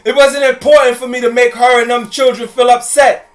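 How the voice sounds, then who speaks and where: Very high-pitched man telling a story. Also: level tone, a little fast. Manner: casual, addresses listeners directly, repeats phrases. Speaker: presenter. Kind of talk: storytelling monologue to an audience.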